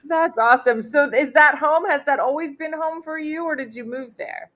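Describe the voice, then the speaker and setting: A middle-aged woman with a high, slightly bright voice speaks at a moderate pace. She's a comedian hosting a relaxed online chat show, telling stories in a chatty, filler-packed live-stream way.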